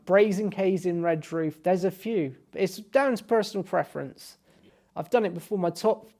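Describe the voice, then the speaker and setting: Chatty high-voiced man. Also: creaky, a little mellow. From Cornwall. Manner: chatty, rambling, many restarts. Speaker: interviewee. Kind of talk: casual chat.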